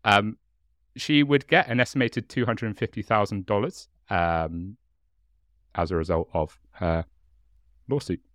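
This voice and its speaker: A man with a southern English accent hosts a casual podcast in a lowish voice. He reads through notes with a chatty, joking delivery, padding with ums and laughing along. The sound is close and dry. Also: a little slow, long pauses, a bit bright, no room sound. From England. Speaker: podcast host.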